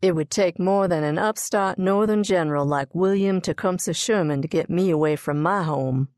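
A woman's voice: on the low side, normal speed, darkish tone, no echo, clean studio sound, natural voice. A woman voicing a stern, proud old grandmother who speaks firmly in a storybook reading.

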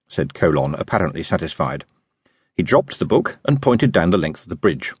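Husky, lively male audiobook narrator. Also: low voice, normal speed, no echo, clean studio sound. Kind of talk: scripted narration. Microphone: close studio mic.

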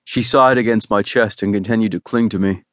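A man with a lowish voice narrates a romance novel in first person. His delivery is relaxed and wry. The recording is dry and close. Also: brisk, dry recording. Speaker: audiobook narrator.

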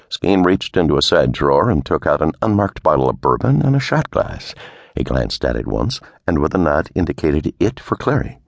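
A man narrating a noir detective novel in a measured storytelling manner. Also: deep voice, sing-song, vocal fry, no echo. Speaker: audiobook narrator.

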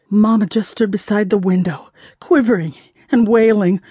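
A woman narrating an audiobook in a measured, dramatic storytelling manner. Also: mid-range voice, mellow, no room sound.

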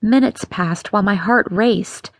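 A woman narrating an audiobook in a measured, tense storytelling manner. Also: medium pitch, no echo, studio quality. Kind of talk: scripted narration.

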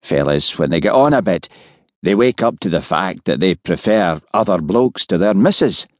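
A man voicing an earnest, soft-hearted young police constable who talks anxiously. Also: deep voice, animated, normal speed, no room sound, clean studio sound.

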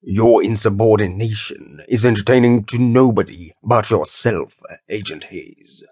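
A man's voice: fairly low pitch, measured pace, a little mellow, breathy edge, no echo, studio quality. A man voicing a stern, easily enraged male judge who barks and growls in an audiobook. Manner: barking, growling. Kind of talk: audiobook character voice.

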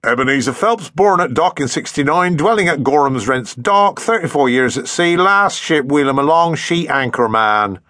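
A man doing a gruff veteran sailor. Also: a little high, animated, bright, forceful tone, dry recording, studio quality, pitched above the performer's own voice. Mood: brisk. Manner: rattles off details very rapidly. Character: middle-aged hard-living veteran sailor, brisk and gruff.

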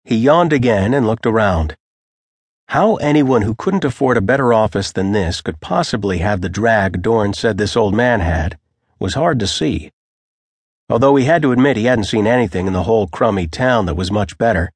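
A male audiobook narrator with a low, husky voice reads scripted narration in a measured, even storytelling manner. The recording is clean studio sound with no room sound.

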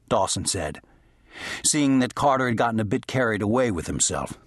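Husky male audiobook narrator. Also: lowish voice, animated, moderate pace, dry recording, studio quality. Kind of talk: scripted narration.

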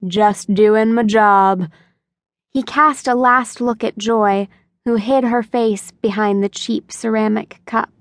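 A woman reading an unabridged young adult novel as audiobook narrator, in a measured, even manner. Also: fairly high pitch, no room sound, clean studio sound. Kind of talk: scripted narration.

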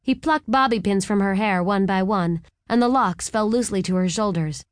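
A woman narrating a romance novel in a wry, even storytelling manner on a close studio mic. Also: mid-range voice, normal speed, no echo. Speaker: audiobook narrator. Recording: dry close audiobook studio.

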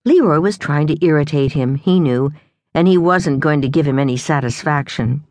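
A woman narrating a novel in a measured, even storytelling manner, close to the microphone. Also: sits low, dry recording. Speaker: audiobook narrator. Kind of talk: scripted narration.

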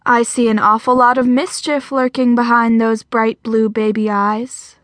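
A woman's voice: a little high, level tone, unhurried, a bit bright, no echo, studio quality. A woman narrator voicing a determined young mother with a wry edge.

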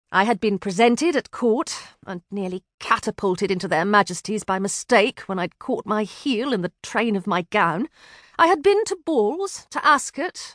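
A woman narrating an audiobook in an expressive first-person telling, close to a studio mic. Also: medium pitch, no echo. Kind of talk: scripted narration.

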